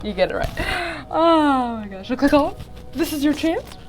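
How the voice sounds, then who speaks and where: A woman's voice: sits high, animated, normal speed, faint music behind, poor audio. A young woman casually reading fan fiction aloud into her phone, giggling, rambling and breaking off to comment on the text. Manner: giggly, rambling, keeps interrupting herself. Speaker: vlogger.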